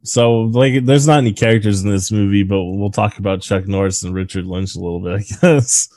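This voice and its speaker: A man's voice: on the low side, steady tone, fairly quick, a little mellow, no room sound. A man co-hosting a casual movie-review podcast, sharing trivia with profanity and frequent laughter. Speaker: podcast co-host.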